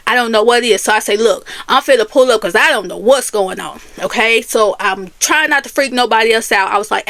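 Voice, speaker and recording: A woman casually telling a personal story to her viewers, animated and talking straight to them. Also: on the high side, dry recording. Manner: animated, Southern US Black vernacular phrasing, addresses viewers as y'all.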